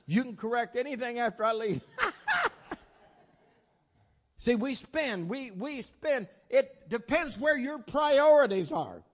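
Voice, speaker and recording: High-voiced older man preaching folksy. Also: animated, slow, pauses often. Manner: folksy storytelling with plain southern-style grammar; swings from loud exclamations to low asides. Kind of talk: sermon.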